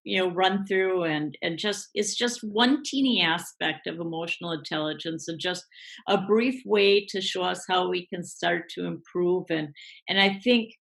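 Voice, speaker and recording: A woman speaking as a guest coach in a live online interview, explaining in a relaxed way with many fillers. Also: fairly low pitch, moderate pace, gravelly, rough recording.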